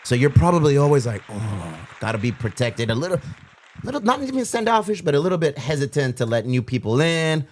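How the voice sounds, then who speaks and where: A man's voice: a little high, expressive, quick pace, slight background noise. A man hosting a podcast, joking around in slangy talk and calling everyone "bro" and "homie". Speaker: podcast host. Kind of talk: casual podcast interview.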